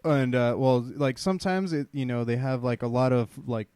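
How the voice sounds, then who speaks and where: A man co-hosting a podcast, telling stories in a relaxed, profane way. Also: mid-range voice, moderate pace, smooth, dry recording. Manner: profane, laid-back storytelling. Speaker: podcast co-host. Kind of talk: casual chat.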